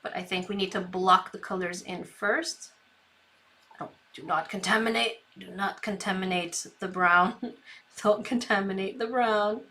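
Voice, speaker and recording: A woman's voice: medium pitch, fairly even intonation, a little slow, a bit bright. A woman hosting a live painting stream, chatting to herself and her viewers and giggling often as she works. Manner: reads viewer comments aloud. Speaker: craft stream host. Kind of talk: live painting tutorial chat.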